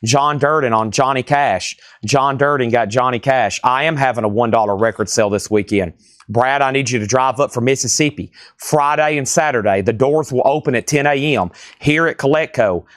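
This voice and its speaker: A man's voice: mid-range voice, no echo, studio quality. Man rattling off a live record sale. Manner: rapid-fire listing, joking and sarcastic asides. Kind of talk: livestream record auction. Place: record store.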